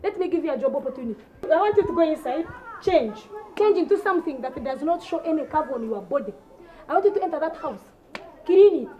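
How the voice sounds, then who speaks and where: A woman with a Ugandan English accent performs a comedy sketch with a high voice. She rants in a sarcastic, scolding way, with rhetorical questions and mockery. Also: animated, fast talker, lo-fi sound, some chatter behind.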